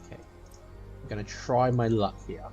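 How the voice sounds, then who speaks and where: A man's voice: mid-range voice, fairly even intonation, normal speed, dark tone, lo-fi sound. A man giving a running let's play commentary and chatting to the characters in the game. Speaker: gameplay streamer. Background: game music.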